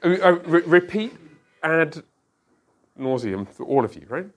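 A man's voice: fairly high pitch, big pitch swings, measured pace. A middle-aged man, a pastor, teaching a church class in a conversational way and often checking that listeners follow.

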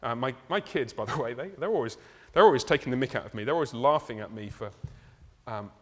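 A man preaching a sermon in a church, conversational and animated, with laughs and asides. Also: mid-range voice, quick pace. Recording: reverberant hall.

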